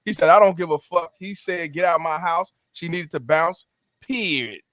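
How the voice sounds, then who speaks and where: A man hosting a casual talk show, giving strong opinions and reading out donation shoutouts. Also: on the high side, no echo. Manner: opinionated, quick to agree, reads donation shoutouts. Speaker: show host. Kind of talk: casual podcast chat.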